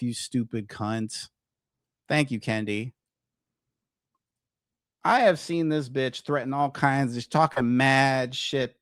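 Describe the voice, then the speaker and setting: A man's voice: medium pitch, slow, pauses often, fairly bright tone, dry recording, clean studio sound. A man hosting a livestream commentary show, ranting profanely and combatively at viewers in his chat.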